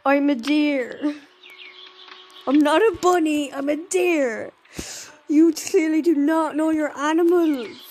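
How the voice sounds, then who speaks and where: A young woman chatting casually while she plays an online game, excitable, gasping and exclaiming as she reacts. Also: sits high, takes it slowly, low-quality recording. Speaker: game player narrating gameplay. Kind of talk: casual gameplay commentary. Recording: game music playing behind. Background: game music.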